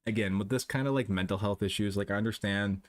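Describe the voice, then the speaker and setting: A man's voice: on the low side, fast. A young man from Canada, a streamer chatting casually with his live chat, rambling, swearing freely and laughing often.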